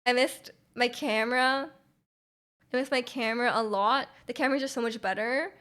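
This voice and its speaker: A woman with a Canadian accent, chatting casually with viewers on a stream, full of fillers and restarts and quick to laugh. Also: on the high side, a bit bright. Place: home room.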